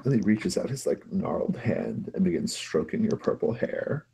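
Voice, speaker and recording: A man narrating as game master of a tabletop role-play in a relaxed, halting way. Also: deep voice, creaky, slightly rough.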